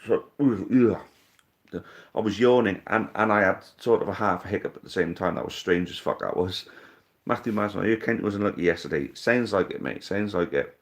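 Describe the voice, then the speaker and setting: A man's voice: on the low side, brisk. A man in his thirties hosting a live stream, casually reading out viewer comments and answering in a blunt, jokey, sweary way. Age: 30s. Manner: laid-back, blunt and jokey, swears freely.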